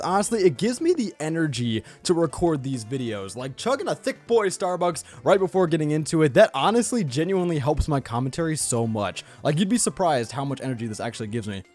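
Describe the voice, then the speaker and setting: A man hosting a let's play video, talking in an excitable, hyped way with casual swearing. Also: on the high side. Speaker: gaming channel host.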